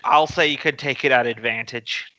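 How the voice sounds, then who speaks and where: A man's voice: mid-range voice, normal speed, pushed and bright, no echo, lo-fi sound. A man acting as game master, calling for rolls and describing terrain plainly. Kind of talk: running a tabletop game over a call.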